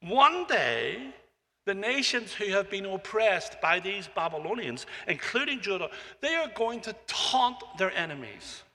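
A man preaching a sermon in a relaxed, conversational way, with frequent "you know"s and repeated phrases. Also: sits high, measured pace. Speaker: pastor. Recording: long hall reverb.

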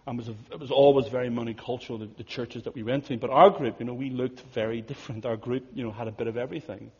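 Husky male pastor, conversational sermon storytelling, dull audio in a long-echo hall. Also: mid-range voice, steady tone, fast talker. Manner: earnest, conversational, drops to hushed tones.

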